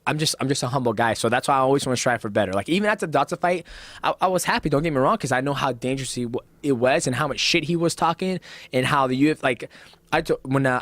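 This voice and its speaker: A man in his thirties, a professional fighter, telling lively stories on a podcast and acting out what others said, with frequent swearing. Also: mid-range voice, no room sound. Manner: animated storyteller, acts out voices of others, swears freely. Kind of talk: casual podcast conversation. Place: podcast studio.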